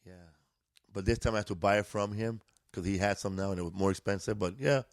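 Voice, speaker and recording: A man's voice: on the low side, fairly even intonation, quick pace, no echo. A man from East Los Angeles, a comedian guest, telling stories in a loose, profane, laughing way in a casual chat. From East Los Angeles, USA. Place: indoors, podcast studio.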